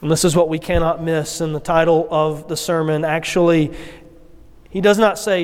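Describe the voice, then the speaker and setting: A pastor delivering a sermon, telling the story with expressive acted quotes. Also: male voice, a little high, moderate pace, smooth. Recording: long hall reverb.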